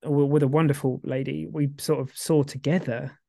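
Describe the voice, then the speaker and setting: A man co-hosting a casual podcast, rambling with many restarts and getting excitable when he warms to a point. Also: mid-range voice, normal speed, creaky, dry recording, clean studio sound. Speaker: podcast co-host.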